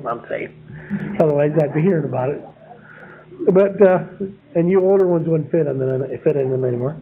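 A man giving a folksy, rambling sermon full of homespun stories, chuckling at his own anecdotes. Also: high-pitched. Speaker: preacher. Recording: phone-like narrow sound.

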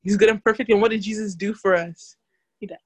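A woman's voice: medium pitch, steady tone, fast, slightly rough, no echo. A young woman casually teaching a Bible study, chatty and full of fillers, asking the group questions.

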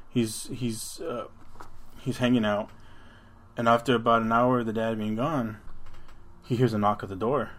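A man's voice: mid-range voice, fairly even intonation, a little slow, pauses often. A man co-hosting a podcast, retelling a scary story in a rambling, profane way with lots of restarts. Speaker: podcast co-host. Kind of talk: casual storytelling chat.

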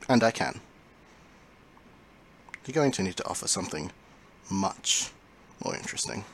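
Man doing a soft-spoken sneering villain. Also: sits low, lively intonation, slight background noise. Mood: menacing. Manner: soft, drawn-out, sneering and half-whispered. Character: cold, smug male villain commanding cyborg swarm.

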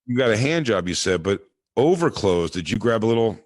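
A man's voice: fairly low pitch, very animated, no echo. A man co-hosting a podcast, joking in brash, profane casual banter. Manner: brash, profane, quick jabs. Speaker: podcast co-host.

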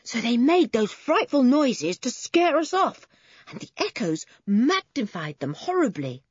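A woman's voice: fairly high pitch, very animated, a little slow, breathy edge, no room sound, dull audio, voice pushed up, exaggerated voice. A woman voicing a schoolboy who eagerly explains his theory. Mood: explaining.

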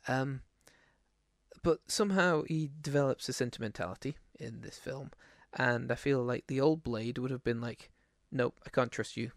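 Here a male podcast co-host speaks at a moderate pace with a medium-pitched voice. The clean studio sound carries no room sound as he chats aimlessly about movies, stumbling through restarts and fillers.

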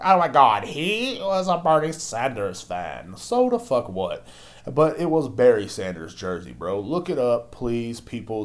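A man's voice: on the low side, darkish tone. Profane ranting man with a podcast. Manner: crude, swearing constantly, exasperated. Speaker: podcast host. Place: at home, drinking beer.

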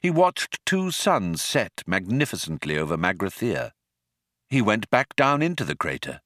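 A man's voice: lowish voice, big pitch swings, normal speed, fairly bright tone, no echo. A man narrating an audiobook in a dry, wry storytelling manner. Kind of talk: scripted narration.

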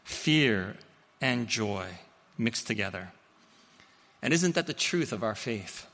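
A man preaching a sermon, telling stories with playful asides and swinging between loud and hushed. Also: mid-range voice, slow pace, in a large hall. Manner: storytelling, animated, with playful asides.

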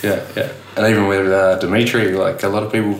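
A man's voice: on the low side, little pitch movement, quick pace, faint music behind. A middle-aged Australian man, a tattoo artist, chatting casually in an interview and rambling with lots of fillers and restarts. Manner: rambling, many "you know" fillers and restarts. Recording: echoey room.

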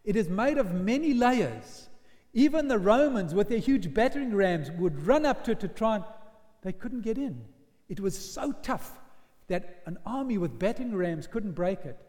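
A male preacher tells his sermon like a story, his voice sitting high and leaping around in pitch. He sinks to hushed lines and then bursts into loud shouted quotes. The sound carries the long reverb of a church hall. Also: sing-song, moderate pace.

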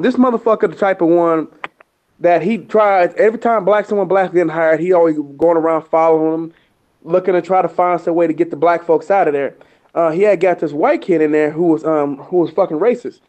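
A man's voice: sits high, darkish tone. Rambling man telling work stories, lo-fi. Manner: rambling anecdotes, fillers, acts out quoted dialogue. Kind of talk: casual storytelling chat. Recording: dull lo-fi recording.

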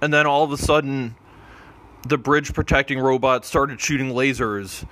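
Male narrator, casual comedic storytelling, bright tone, offhand and rambling. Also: mid-range voice, steady tone, moderate pace.

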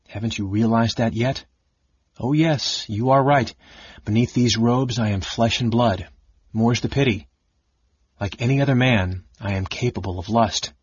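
A man reading an audiobook, voicing a cold, sardonic male mage who speaks softly and evenly. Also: medium pitch, breathy edge, no echo, dull audio. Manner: soft, measured, icy.

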